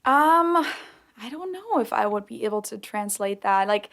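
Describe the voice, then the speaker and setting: A woman's voice: on the high side, expressive, normal speed, a bit bright. A woman whose first language is German, co-hosting a podcast in English and searching for words in casual chat. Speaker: podcast co-host.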